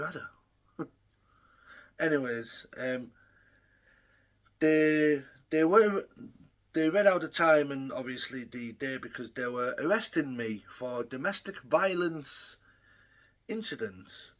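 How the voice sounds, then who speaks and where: A young man rambles through a story for his vlog, filling it with ums and swearing freely. His voice sits a little high for a man. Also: a bit bright. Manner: rambling, profane, frequent ums. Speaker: vlogger.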